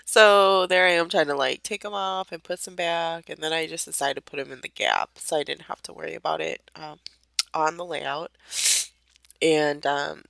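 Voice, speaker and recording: A woman's voice: low voice, creaky, a bit bright, no echo. A young woman casually narrating her craft process over footage, rambling with lots of fillers and small laughs, her voice a bit off from allergies.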